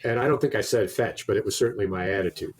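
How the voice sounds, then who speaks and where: A man's voice: lowish voice, fast talker, husky. Man rambling through a story. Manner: rambling anecdote with many restarts, acts out quoted exchanges. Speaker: podcast co-host. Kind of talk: casual chat, storytelling.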